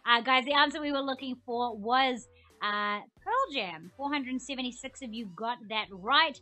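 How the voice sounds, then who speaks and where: A young woman hosts a live trivia stream in an upbeat, chatty way, her voice sitting fairly high. She reads each question and the viewers' comments aloud. Faint music plays softly behind her. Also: expressive, normal speed. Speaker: trivia game host. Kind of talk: live-streamed quiz hosting.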